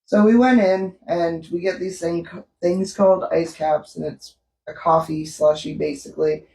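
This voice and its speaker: A woman's voice: lowish voice, fairly even intonation, normal speed, creaky, warm tone. A woman from Canada co-hosting a vlog, telling a story in casual chat and laughing often. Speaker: vlog co-host. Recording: roomy echo, distant from the mic.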